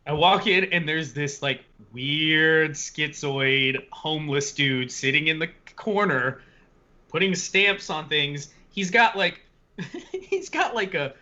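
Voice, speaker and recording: A man spins a casual story on his podcast in a bright, lively voice that swings high and low. He laughs often and swears freely. The audio sounds a little muffled and lo-fi. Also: slow pace. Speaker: podcast co-host.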